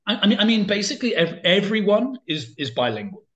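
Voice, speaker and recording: Rambling man, mid pitch. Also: very animated, fast, a bit bright, dull audio. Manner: rambling, many fillers and restarts. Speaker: guest. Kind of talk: casual interview chat.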